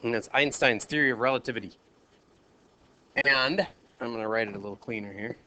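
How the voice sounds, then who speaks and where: A man's voice: medium pitch, brisk, pushed and bright. Math teacher, male, Minnesota accent, classroom lecture, drifts from the mic, faint room noise. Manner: asks the class questions, jokes and polls students.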